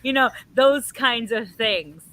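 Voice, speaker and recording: A woman hosting a music radio show and working as a vocal teacher, chatting in a lively, coaching way and laughing often. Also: fairly high pitch, slow pace. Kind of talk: casual chat.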